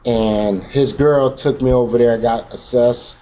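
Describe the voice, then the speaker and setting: A man's voice: mid-range voice, fairly even intonation, a little slow, warm tone. A man telling his own recovery story at a meeting, in raw, emotional street talk full of slang. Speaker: recovery speaker. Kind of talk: personal testimony at a recovery meeting. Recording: dull lo-fi recording with faint noise.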